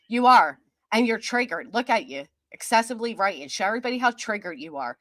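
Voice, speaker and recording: A woman's voice: mid-range voice, animated, fairly bright tone, no echo. Woman streamer, middle-aged, mid-range voice, sarcastic and defiant, laughs easily, close dry sound. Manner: mocking, defiant, quick to laugh. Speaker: commentary channel host. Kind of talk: livestream reading and answering viewer comments.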